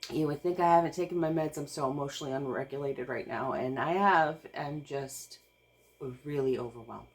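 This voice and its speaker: A woman's voice: low-pitched, fairly quick. A woman, vlogging casually while overwhelmed and close to tears, rambling with restarts and nervous laughs. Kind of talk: casual vlog talk to camera.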